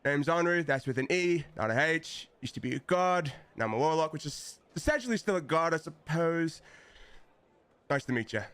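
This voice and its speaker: A man's voice: a little high, lively intonation, moderate pace, a bit bright, clear, resonant tone. A man voicing a boastful male warlock who was once a god, using a put-on British accent in a breezy, chummy way.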